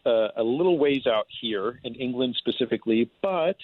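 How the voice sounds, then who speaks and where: A man's voice: mid-range voice, animated, moderate pace, dry recording. A man calling in as a guest to a radio interview, chatty and easygoing, laughing often. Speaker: phone-in guest, cannabis industry. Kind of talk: casual interview over the phone. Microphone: phone. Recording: tinny phone line, dry.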